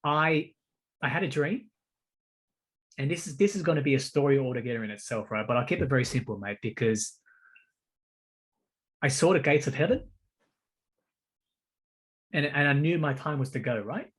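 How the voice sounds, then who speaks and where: A man in casual podcast conversation, telling a story with lively energy. He stumbles over and repeats his words and keeps tossing in friendly "bro" and "mate". His voice sits at an ordinary, middle pitch. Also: moderate pace, long pauses, husky. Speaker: podcast host.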